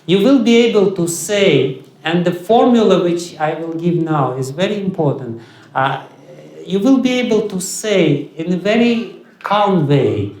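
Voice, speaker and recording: A man with a Russian accent giving a spiritual lecture, halting often with fillers and restarts. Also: high-pitched, expressive, darkish tone. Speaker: spiritual teacher. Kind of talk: lecture on scripture. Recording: echoey hall.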